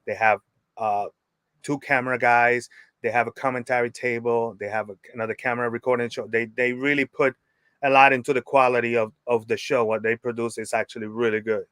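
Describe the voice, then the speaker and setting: A man's voice: medium pitch, level tone, brisk, fairly bright tone, smooth, dry recording. A man from New York, a wrestling photographer, talking easily as a podcast guest. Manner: easygoing, rambling with fillers. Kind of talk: casual interview chat.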